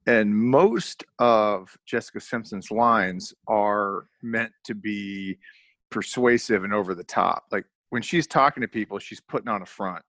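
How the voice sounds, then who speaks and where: Low-voiced man arguing his point. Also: measured pace, a bit bright, no echo. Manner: argumentative, defends his picks with asides. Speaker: podcast co-host. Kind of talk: casual movie review chat.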